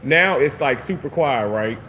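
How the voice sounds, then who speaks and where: A man casually venting to his viewers, animated and swearing freely, repeating himself for emphasis. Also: mid-range voice, a little slow, big-room sound, a little hiss or hum. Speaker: vlogger reading live chat.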